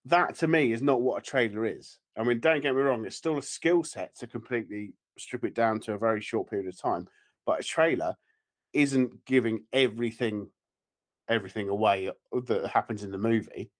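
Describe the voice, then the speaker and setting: A man co-hosting a casual podcast, chatty and quick to jump in. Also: fairly low pitch. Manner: animated, chatty, jumps in. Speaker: podcast co-host. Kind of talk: casual chat.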